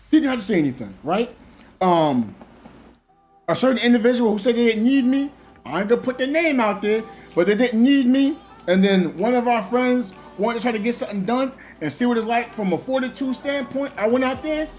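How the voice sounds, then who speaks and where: Male gaming streamer, casual storyteller, high voice with wide swings and frequent laughs. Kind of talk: casual live-stream chat.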